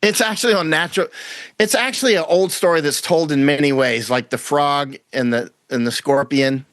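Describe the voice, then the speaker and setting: A man's voice: fairly high pitch, normal speed, a bit bright, dry recording. Man talking in a dry, close voice. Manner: rambling, repeats words, acts out quoted voices. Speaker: guest commentator. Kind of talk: casual conversational interview.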